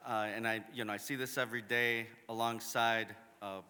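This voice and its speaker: A man's voice: mid-range voice, little pitch movement, moderate pace, bright, forceful tone, smooth. A man interpreting a speaker's testimony into English at a council meeting, earnest with some hesitation. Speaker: interpreter at public comment. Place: large council chamber. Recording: long hall reverb.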